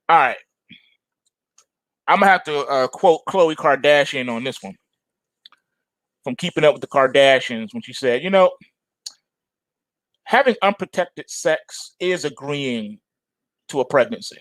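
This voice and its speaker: A man's voice: measured pace, pauses often, fairly bright tone, dry recording. A man hosting a live trading stream, talking casually and joking with his chat. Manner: playful, jokey, swings into high mock-whiny bits. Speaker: trading show host.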